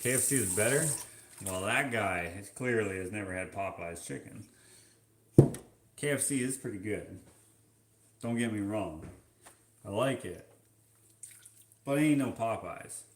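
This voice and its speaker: A man from Canada talks at an unhurried, drawn-out pace, musing and joking as he reads comments from viewers. His mid-pitched voice bounces around a roomy kitchen. A faint hiss sits under it, along with running water. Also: a bit bright. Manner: slow, offhand, musing and joking. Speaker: vlogger. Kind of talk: casual livestream chat, reading comments. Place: kitchen, washing dishes.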